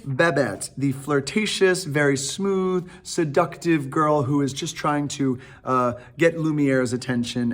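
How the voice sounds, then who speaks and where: A man's voice: mid-range voice, a bit bright. A man, a theatre director, giving casual, enthusiastic audition instructions with plenty of fillers.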